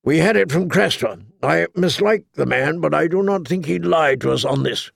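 A man voices a gruff old commander in a storybook reading, pitched above his own voice. He gives brusque, decisive orders. The recording is dry and close. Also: normal speed, no echo. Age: older.

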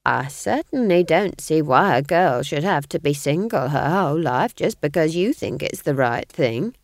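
A woman's voice: low-pitched, animated, normal speed, dry recording, clean studio sound. A woman voicing an earthy, bawdy old female witch who talks defensively and sneers, now and then shrieking.

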